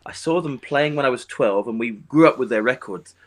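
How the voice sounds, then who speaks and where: A man's voice: medium pitch, fairly quick. A man who plays music, chatting as an interview guest, rambling with lots of restarts and fillers. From England. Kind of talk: casual interview chat.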